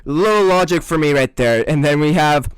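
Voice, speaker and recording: A man's voice: fairly high pitch, normal speed, smooth, no echo. A man ranting sarcastically in a comedic commentary vlog, often jumping into mock voices. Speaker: video creator.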